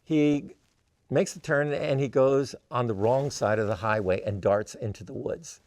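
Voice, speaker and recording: A man who is a guest musician, telling stories in an interview in an animated way. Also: mid-range voice, a little slow, no room sound. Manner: animated, acts out voices in his stories. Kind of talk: storytelling in an interview.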